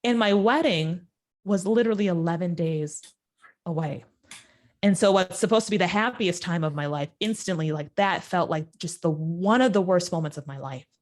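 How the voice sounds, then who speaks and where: A woman guest in an interview telling a personal story, acting out the quoted voices with sudden jumps in pitch. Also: moderate pace.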